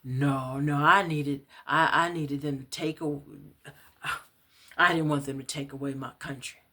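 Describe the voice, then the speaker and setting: A woman reading aloud from her own book, telling a first-person story in a conversational, unhurried way, sometimes dropping low and pausing to find her place. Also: steady tone, pushed and bright. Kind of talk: first-person storytelling in Southern Black vernacular.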